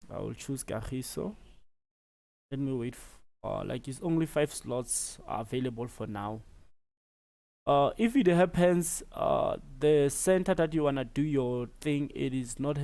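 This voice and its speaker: A South African man giving a relaxed step-by-step tutorial, with many fillers as he explains. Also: mid-range voice, a little slow, vocal fry. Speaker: tutorial presenter. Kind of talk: screen-recorded tutorial.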